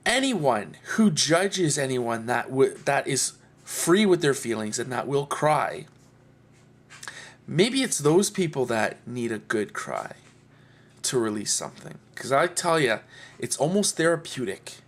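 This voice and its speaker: Earnest man speaking slowly, heartfelt. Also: mid-range voice, very animated. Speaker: video blogger. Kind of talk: personal talk to camera.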